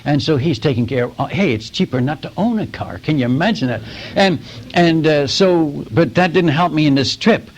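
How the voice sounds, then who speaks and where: A man preaching a sermon as an animated storyteller who acts out the other people's lines in his own telling. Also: fairly high pitch, moderate pace. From United States. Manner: animated storyteller acting out dialogue.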